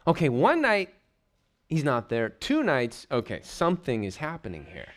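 A man's voice: medium pitch, huge pitch swings, moderate pace. A man preaching a verse-by-verse sermon, reading scripture aloud and explaining it with questions to the congregation. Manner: reads scripture aloud then explains it, asking the listeners questions. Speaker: pastor. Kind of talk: expository sermon.

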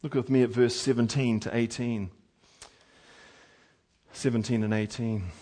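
A man preaching a sermon, animated and emphatic, moving between quiet asides and loud, lively passages. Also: mid-range voice, a little slow. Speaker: pastor.

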